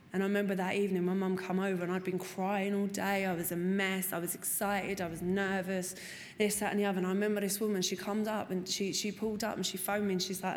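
A woman, telling her recovery story frankly and expressively, swearing and acting out what people said. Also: medium pitch. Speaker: speaker sharing a recovery story. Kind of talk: personal testimony talk. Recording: long hall reverb, faint room noise.

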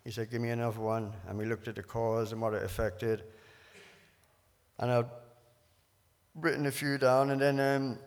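A man's voice: mid-range voice, flat delivery, moderate pace, long pauses, long reverb tail. A man candidly recounting his recovery, rambling and repeating words as he quotes conversations. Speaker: recovery speaker sharing his story. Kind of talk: candid personal testimony.

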